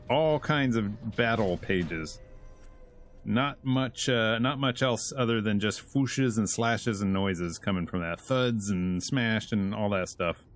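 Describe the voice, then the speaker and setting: A man hosting a casual comic book review, retelling the story in an animated way and chuckling as he goes. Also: lowish voice, slow, soft background music. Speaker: host.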